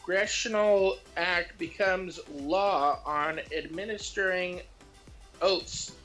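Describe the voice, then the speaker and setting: Co-host, male, very slow deliberate reader, wry, faint music. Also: high-pitched, fairly bright tone, low-quality recording. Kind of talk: casual group chat reading history dates.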